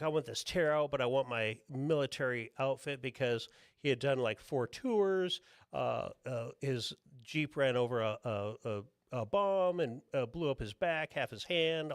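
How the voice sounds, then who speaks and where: A man's voice: medium pitch, unhurried, smooth, no room sound, studio quality. A man, a tattoo artist guest, talks casually on a podcast, rambling and peppering his stories with "dude" and "you know what I mean.".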